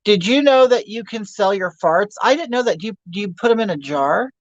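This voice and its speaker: A man's voice: high voice, expressive, fairly quick, no room sound, dull audio. Campy gossipy man in his fifties. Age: 50s. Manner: campy, gossipy, crude humor. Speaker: livestream host. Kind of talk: casual livestream chat reading viewer comments.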